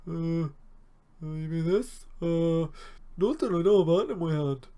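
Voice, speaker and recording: A man's voice: a little high, unhurried, dark tone, clean tone, pitched above the performer's own voice, close to an everyday voice. A young man voicing a stammering, evasive young male student who has been caught out.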